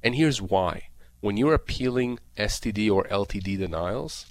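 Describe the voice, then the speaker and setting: A man's voice: on the low side, lively intonation, moderate pace, a little hiss or hum. A man explaining disability insurance claims on a call-in show, emphatic and repetitive, with many fillers. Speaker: disability lawyer guest expert. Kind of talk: radio call-in advice.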